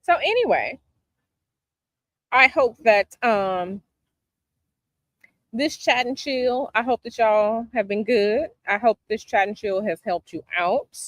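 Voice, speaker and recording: A woman's voice: a little high, slow, long pauses, a bit bright, no echo. A woman from Chicago hosting a casual chat with her viewers outdoors, sassy and emphatic, repeating her advice. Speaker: tarot channel host. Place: outdoors by a palm tree, planes overhead.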